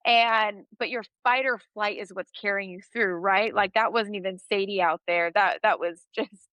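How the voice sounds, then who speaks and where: A woman's voice: medium pitch, fairly even intonation, normal speed, dry recording, highs cut off. A woman in her thirties, a podcast guest, telling a story in a casual interview and laughing often.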